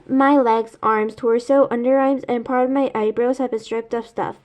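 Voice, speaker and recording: Woman reader, first-person novel, steady with small restarts, a bit high-pitched. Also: normal speed. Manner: steady first-person reading, with small slips and self-corrections. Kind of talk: reading a novel aloud.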